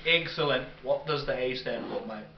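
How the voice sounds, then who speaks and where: A man's voice: mid-range voice, moderate pace. A young man playing a mock interviewer in a comedy skit, with a jokey reporter patter and constant calls of "mate". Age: young adult. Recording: roomy, distant, dull, with background hiss.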